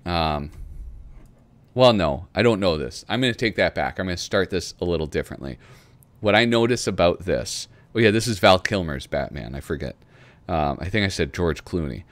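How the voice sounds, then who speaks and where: Low-voiced chuckling man, dry close sound. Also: dry recording. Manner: chuckling, rambling, reads letters aloud slowly. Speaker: host flipping through a magazine. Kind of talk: casual commentary reading aloud.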